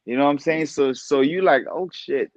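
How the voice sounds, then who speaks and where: A boxer talking casually as a podcast guest, animated and profane, often laughing. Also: male voice, a little high, fairly quick, no room sound, dull audio. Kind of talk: casual interview talk.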